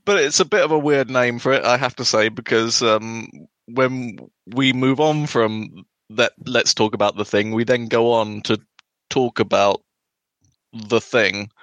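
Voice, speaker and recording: A man co-hosting a podcast, making teasing, deadpan jokes in casual conversation. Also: medium pitch, unhurried, no room sound. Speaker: podcast co-host.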